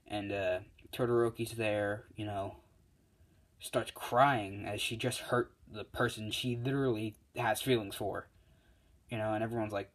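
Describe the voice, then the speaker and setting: A man's voice: on the low side, fairly even intonation, moderate pace. A man casually retelling a fan-made story as a YouTuber, rambling with lots of fillers and self-corrections.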